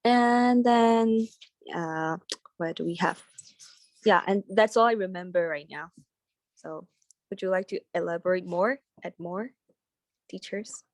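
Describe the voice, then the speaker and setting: A woman's voice: fairly low pitch, measured pace, pauses often, darkish tone, no echo, clean studio sound. Hesitant woman recalling lesson notes. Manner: hesitant, many fillers, recalling from memory. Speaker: teacher trainee in a study group. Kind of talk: casual group discussion.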